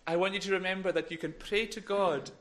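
A man's voice: sits high, fairly even intonation, brisk, a bit bright. A middle-aged man gives a playful, encouraging children's talk in church on a microphone, sometimes dropping to a whisper. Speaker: minister giving a children's talk.

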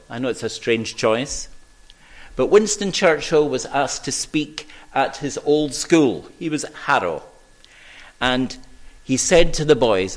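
Slow, earnest male preacher. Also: medium pitch. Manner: earnest, measured, reads scripture aloud. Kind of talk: sermon. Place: church service.

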